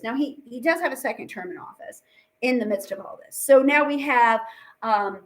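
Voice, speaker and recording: A woman's voice: a little high, normal speed. A woman teacher giving a casual, chatty history lecture, full of fillers and playful asides. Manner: chatty, acts out quotes with fillers.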